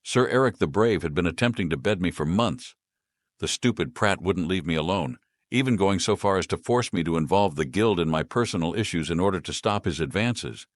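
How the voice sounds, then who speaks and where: A man voicing an agitated young woman mage who yells and growls in a raised voice. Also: low voice, lively intonation, fairly quick, dry recording. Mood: angry. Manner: yelling, agitated. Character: furious young woman mage, shrill temper.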